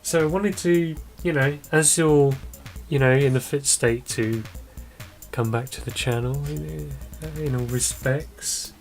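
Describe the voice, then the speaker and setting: A man's voice: mid-range voice, fairly even intonation, slow pace, faint music behind. A man co-hosting a casual podcast, playful and mock-dramatic. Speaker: podcast co-host.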